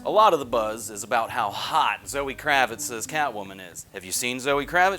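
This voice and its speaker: A man's voice: mid-range voice, animated, normal speed, hardly any pauses, pushed and bright, slight background noise. A man giving a scripted comedy film review, joking crudely and swearing freely. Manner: crude, jokey, profane.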